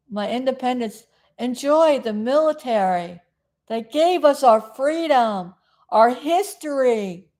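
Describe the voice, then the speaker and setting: A middle-aged woman talks in a slow, unhurried way, drifting from one thought to the next. Her voice sits a little high, and she fills the gaps as she chats to her viewers on a casual stream. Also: darkish tone. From South Florida. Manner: chatty, meandering, loses her train of thought. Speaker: live-stream host. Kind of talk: rambling casual live-stream chat.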